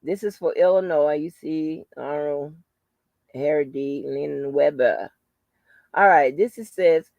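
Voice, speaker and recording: A woman's voice: deep voice, slow, gravelly, darkish tone, no room sound. Blunt, profane woman chatting on a live stream. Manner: greets viewers by name, blunt and profane. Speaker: channel host. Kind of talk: casual live-stream chat.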